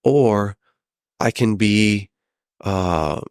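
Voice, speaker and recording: A man in his thirties talking earnestly and in a measured way as a podcast guest, sometimes acting out the voices of people he quotes. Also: fairly low pitch, expressive, clean tone, no echo, clean studio sound. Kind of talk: reflective conversational interview.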